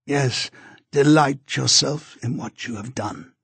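A man voicing a dying woman full of bitter, delirious hatred, speaking slowly with pauses between words. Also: medium pitch, creaky, fairly bright tone, husky, heavily acted.

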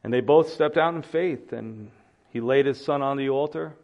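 Male pastor giving a lively storytelling sermon; average pitch, slightly dull recording. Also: moderate pace. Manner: animated storytelling preacher, acts out voices.

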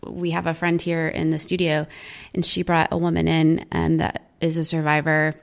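A woman with a low voice and a gravelly, fry-heavy edge talks casually in a studio. She rambles warmly through stories, leaning on "um" and "like" and acting out what people said. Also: completely flat delivery, normal speed. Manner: chatty, filler-heavy, quotes people. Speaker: guest, charity event organizer. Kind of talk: casual storytelling interview.

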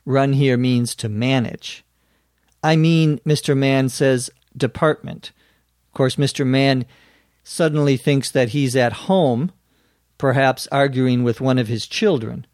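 A man hosting an English lesson who explains phrases in a slow, careful, deliberate way. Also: mid-range voice, darkish tone, no room sound, clean studio sound. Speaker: English teacher host.

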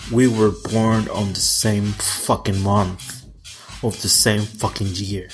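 A man's voice: fairly low pitch, flat delivery, slow pace, slight background noise. A man in his twenties giving casual pop-culture commentary in a sassy, campy way, swearing freely. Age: 20s. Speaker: vlogger.

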